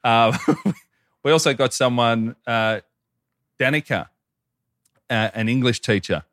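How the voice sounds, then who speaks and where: A man's voice: medium pitch, slow pace, fairly bright tone, no echo, clean studio sound. An Australian man co-hosting a podcast, chatting and reading listener messages aloud in an upbeat way. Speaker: podcast co-host.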